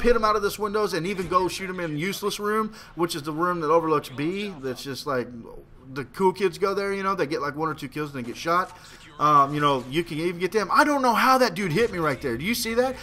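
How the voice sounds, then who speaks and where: Commenting on the game he's playing, a high-voiced young man rambles with excitement, curses freely, and now and then lets out a shout.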